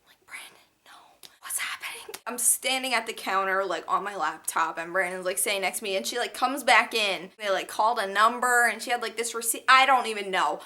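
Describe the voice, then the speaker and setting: Young woman vlogger, bright voice, lively and indignant storytime. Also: medium pitch, a little fast, few pauses. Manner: animated and indignant, full of "like". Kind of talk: storytime vlog.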